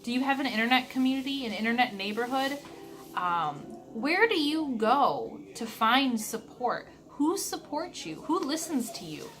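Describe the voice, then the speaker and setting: A woman talking earnestly to her camera in a reflective vlog, stressing words by slowing down. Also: high voice, very animated, fairly bright tone, a little hiss or hum. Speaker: vlogger.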